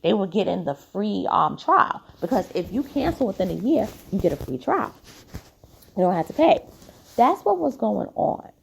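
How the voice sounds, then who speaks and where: Gravelly-voiced tired woman podcaster. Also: medium pitch, a little mellow. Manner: chatty, blunt, frequent "like" fillers. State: tired, yawning. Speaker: podcast host. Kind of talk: casual opinion commentary.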